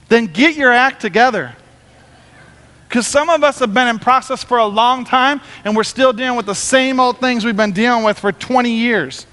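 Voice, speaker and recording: A man preaching a sermon as pastor, talking in an animated, conversational way. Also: very high-pitched, normal speed, long reverb tail.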